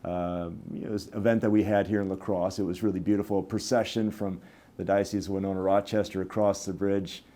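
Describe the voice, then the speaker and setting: A man's voice: deep voice, little pitch movement, fairly quick, mellow. A man, a bishop, giving a casual spoken reflection, chatty and anecdotal, who acts out voices when he tells a joke.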